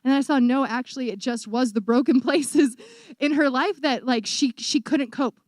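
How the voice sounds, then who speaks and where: A young woman with a bright, high voice, caught close and dry with no room sound. She tells her missionary testimony to a church crowd in an animated storytelling way. She slips into the voices of the people she quotes. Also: normal speed, dry recording. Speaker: missionary speaker. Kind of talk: testimony talk to a church audience.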